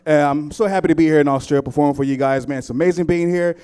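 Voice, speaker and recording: Brash American stand-up comic, high voice. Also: male voice, rapid-fire, warm tone. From United States. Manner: brash, profane, punchy delivery. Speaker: stand-up comedian. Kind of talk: stand-up routine. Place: comedy club stage.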